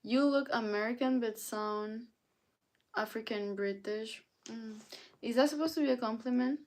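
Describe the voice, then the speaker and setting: A woman's voice: on the high side, moderate pace, darkish tone. A tired woman hosting a casual live stream, reading chat messages aloud and answering them. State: tired, yawning. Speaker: livestreamer.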